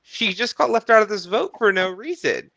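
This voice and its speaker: Bright, dry-voiced podcast panelist. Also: male voice, sits high, animated, normal speed, gravelly, dry recording, muffled recording. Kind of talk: casual reality-TV chat.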